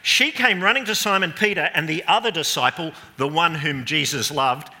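A man preaching an all-age Easter sermon in a church, his voice bright and cutting with a fairly high pitch. He playfully coaches volunteers through a re-enactment with running stage directions. The church hall lends a long, ringing reverb. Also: moderate pace. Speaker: pastor.

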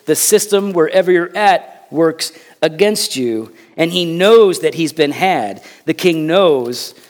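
A pastor delivering a sermon in a somewhat high-pitched male voice. He tells the story with drama, moving between loud emphasis and hushed, low passages. He often repeats a word when he wants it to land.

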